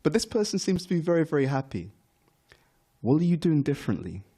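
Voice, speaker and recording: A man's voice: a little high, very animated, a little fast, warm tone, husky, heavily acted. A man voicing an incredulous fellow devotee who mock-scolds someone, with teasing, exaggerated disbelief and a raised voice.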